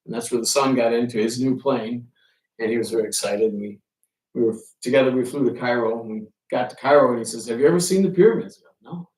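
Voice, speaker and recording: A man who works as a ferry pilot tells animated stories to an audience and acts out the conversations he quotes. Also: medium pitch, fast talker. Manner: animated anecdotes, acting out quoted exchanges. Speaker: ferry pilot and author giving a talk. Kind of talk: storytelling talk to an audience. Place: room with an audience. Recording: echoey room, from a distance.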